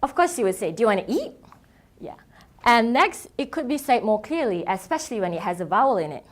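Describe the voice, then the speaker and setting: A woman's voice: on the high side, big pitch swings, brisk. A young woman, a non-native English speaker, giving an earnest prepared presentation as a student keynote speaker at a festival. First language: not English. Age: young adult. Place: event stage.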